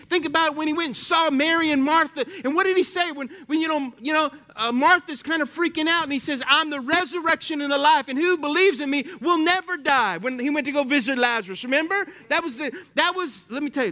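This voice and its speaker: Delivering a sermon with a Southern US accent, this pastor has a very high voice and shifts from booming, lively preaching down to quiet prayer.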